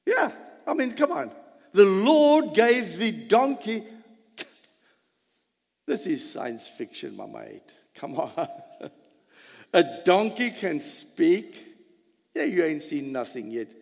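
A man preaching a sermon, animated, with sudden loud bursts and low asides. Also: takes it slowly, gravelly, long pauses. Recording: reverberant hall.

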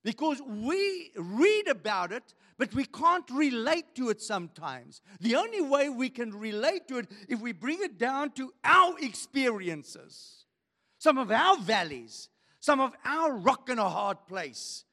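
A man's voice: very high voice, very animated, unhurried, sharp tone. A man preaching a sermon as pastor, asking the congregation questions as he reads and explains scripture. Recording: long hall reverb.

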